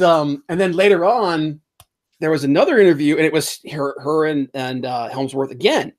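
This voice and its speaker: Animated man riffing on movies. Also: a little high, brisk. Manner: rambling, animated, laughs while mocking. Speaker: podcast host. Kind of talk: casual pop-culture chat.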